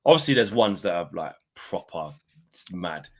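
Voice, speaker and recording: Laid-back low-voiced bloke. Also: male voice, big pitch swings, normal speed, a bit bright. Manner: laid-back, slangy and conversational. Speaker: co-host. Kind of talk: casual football chat.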